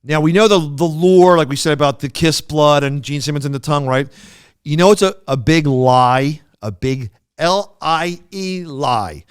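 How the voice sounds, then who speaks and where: Rambling storyteller man, smooth voice. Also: a little high, moderate pace, no room sound, clean studio sound. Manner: rambling anecdotes with restarts and mimicked quotes. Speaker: podcast co-host. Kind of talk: casual storytelling chat.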